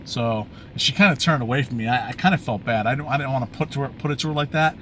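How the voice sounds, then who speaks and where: A man's voice: mid-range voice, fast, bright, forceful tone, slight background noise. Man rambling through a candid video diary. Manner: candid, rambling, with many fillers and restarts. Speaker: vlogger. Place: outdoors in bright sun, maybe by a vehicle.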